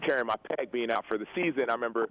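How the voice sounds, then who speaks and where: Young guy telling his story on a radio show, earnest, talks quick, does the voices of people he quotes. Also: mid-range voice, dull audio. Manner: earnest, animated retelling with quoted dialogue. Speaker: guest football player. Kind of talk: interview storytelling. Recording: radio show broadcast audio.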